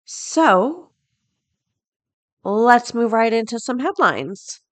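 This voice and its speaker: A woman's voice: medium pitch, expressive, unhurried, fairly bright tone. A middle-aged woman hosting a daily podcast, chatting off the cuff with frequent laughs and reading out headlines. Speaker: podcast host. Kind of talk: casual chat and reading headlines.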